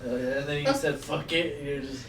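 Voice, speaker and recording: A man co-hosting a podcast, blunt and profane, quick to laugh in casual chat. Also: a little high, steady tone, a bit bright, slight background noise. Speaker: podcast co-host. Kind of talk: casual conversation. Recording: echoey room, distant mic, chatter behind.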